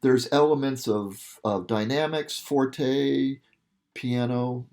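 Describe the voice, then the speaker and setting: A man's voice: mid-range voice, slow, darkish tone. A male music teacher explaining a piece to students in a casual, patient way, often checking in with "okay". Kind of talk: instrument lesson talk.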